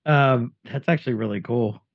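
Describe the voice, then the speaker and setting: A man's voice: mid-range voice, normal speed, vocal fry, no echo. A man co-hosting a podcast, chatting enthusiastically about a movie he enjoyed. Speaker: podcast co-host. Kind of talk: casual movie recap chat. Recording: dull, dry sound.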